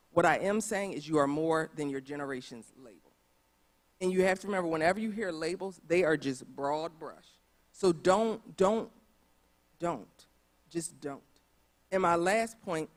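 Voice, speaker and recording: A woman speaking on a church conference panel, animated and emphatic, repeating phrases for stress. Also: low-pitched. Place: church auditorium.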